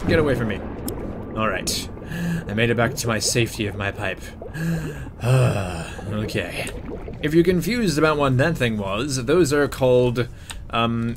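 A young man talks through a game at his desk mic in a middle-pitched voice, joking and muttering to himself. He yelps and panics when something startles him, then settles back into casual chatter. A faint hiss sits under the recording. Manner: excitable, jokey, yelps and mutters while playing. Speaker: gameplay commentator. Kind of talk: casual let's-play commentary.

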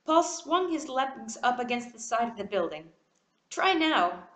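A woman reading a children's storybook aloud with expressive delivery. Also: on the high side, moderate pace, roomy sound. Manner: expressive, animated. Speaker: reader.

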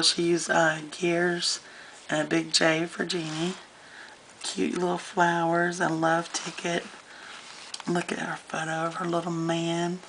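A woman talks slowly through a casual show-and-tell vlog, gushing and getting a little choked up. Her voice is low and gravelly and stays fairly flat. A faint hiss sits behind her. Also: rough recording. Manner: gushing, chatty, easily moved. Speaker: scrapbooking vlogger.

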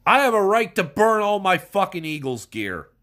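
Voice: medium pitch, big pitch swings, moderate pace. An irate fan ranting and swearing about their team, sounding stuffed up from a cold. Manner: furious, yelling and swearing. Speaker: sports fan vlogger. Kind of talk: angry profane rant.

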